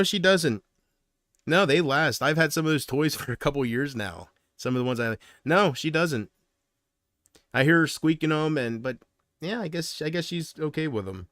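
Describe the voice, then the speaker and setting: A man's voice: fairly high pitch, a bit bright, no room sound. A man chatting casually on a livestream, rambling and answering viewer comments.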